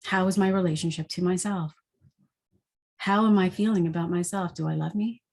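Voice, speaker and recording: A woman with a somewhat low voice talks through a spiritual energy forecast. Her delivery is reflective and unscripted, full of rhetorical questions. She often fills her phrasing with "like". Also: fairly even intonation, normal speed, vocal fry, a little mellow. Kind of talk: spiritual daily forecast monologue.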